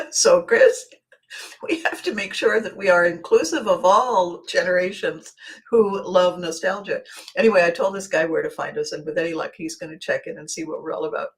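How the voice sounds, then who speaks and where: A woman's voice: on the low side, brisk, low-quality recording. A middle-aged woman hosting a casual livestream chat, talky and laughing often, restarting her sentences. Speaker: host.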